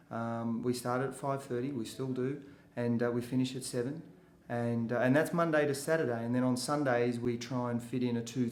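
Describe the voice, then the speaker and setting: Aussie guy in his 40s, lots of uh's and restarts, mid-pitched, echoey room. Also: darkish tone. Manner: hesitant, many "uh"s and restarts. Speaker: jiu-jitsu student giving a testimonial. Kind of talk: casual testimonial interview.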